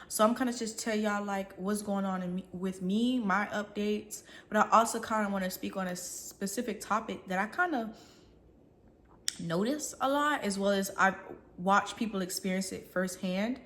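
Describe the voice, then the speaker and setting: A woman's voice: mid-range voice, moderate pace, a bit bright. Chatty young woman ranting while eating. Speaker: vlogger. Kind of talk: casual rant to camera.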